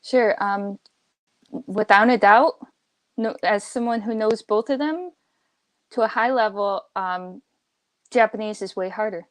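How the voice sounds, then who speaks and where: A female language teacher talks as a guest on a casual livestream, opinionated and emphatic, doing animated impressions. Her mid-range voice moves at a measured pace with frequent pauses, and the recording is dry.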